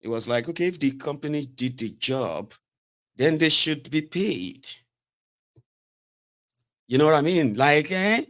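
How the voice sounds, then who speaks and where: A man's voice: a little high, lively intonation, a little slow, long pauses, a bit bright. A man with a Nigerian accent giving casual political commentary in a rambling, mocking way, slipping between English and pidgin. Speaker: commentary host.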